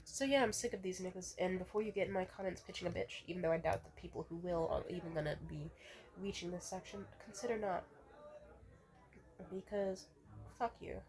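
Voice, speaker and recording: With a lowish, slightly mellow voice and a somewhat quick pace, a young vlogger goes on a blunt, profane rant to camera, restating her points again and again.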